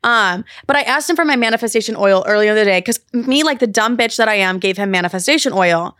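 A woman in her twenties telling stories in casual podcast chat, animated and profane, laughing often. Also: mid-range voice, fast talker, dry recording, clean studio sound. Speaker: guest friend.

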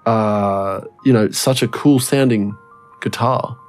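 A man's voice: fairly low pitch, slow pace. A man co-hosting a casual podcast, keenly explaining music production details and swearing as he goes. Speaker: podcast co-host. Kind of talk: casual chat.

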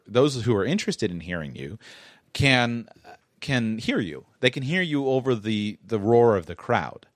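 A man's voice: fairly low pitch, no echo, clean studio sound. A man hosting a show, giving public speaking tips in a chatty, rambling way that keeps correcting itself. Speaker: podcast host. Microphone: close studio mic.

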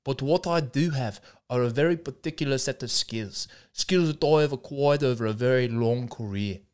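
A man's voice: mid-range voice, clear, resonant tone, lightly acted. A man doing a South African accent to play a menacing father who coldly threatens his daughter's kidnappers in a comic monologue. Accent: South African (put on). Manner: slow, clipped, deliberate threats. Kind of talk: comedic impression monologue.

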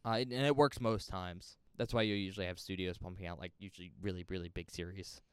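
This podcast co-host is a young man with a deep voice and a clear, resonant tone, speaking at a quick pace in a dry recording. On a casual movie show, he teases his friend and lays out film history, turning animated whenever he's driving a point home.

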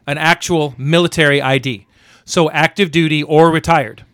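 A man telling a story in casual chat, animated and cursing, acting out both sides of a conversation. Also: a little high, moderate pace, no room sound, studio quality. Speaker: veteran guest telling a story.

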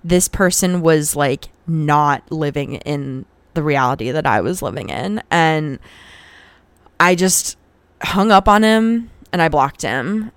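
Woman, podcast host, young adult, casual confessional chat, blunt and profane, low-ish voice, dry close recording. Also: lively intonation, slow, no room sound. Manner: frank and profane, heated when retelling arguments.

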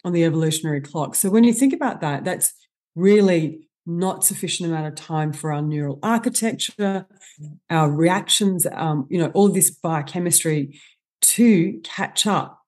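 A woman, a guest expert on stress, explaining with animated enthusiasm in a podcast interview. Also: fairly low pitch, normal speed. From Australia.

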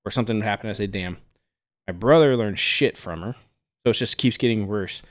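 A man's voice: lowish voice, fast. A man on a casual podcast, telling laid-back anecdotes peppered with swearing. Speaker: podcast guest.

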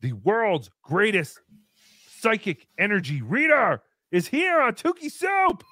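A man in his thirties hosting a livestream, reading donations and joking around in a casual, animated way. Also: high voice, takes it slowly, dry recording. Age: 30s. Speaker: livestream host.

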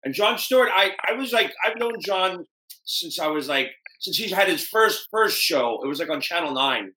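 A man hosting a podcast, telling stories in a rambling, animated way. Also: high voice, normal speed. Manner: rambling, animated storyteller doing voices. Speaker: podcast host. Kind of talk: casual podcast interview. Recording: echoey room with faint noise.

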